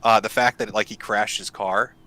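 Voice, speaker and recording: Bright-toned man chatting with a laugh. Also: fairly low pitch, fairly even intonation, moderate pace, rough recording. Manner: chatty, laughs often, lots of fillers. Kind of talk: casual chat.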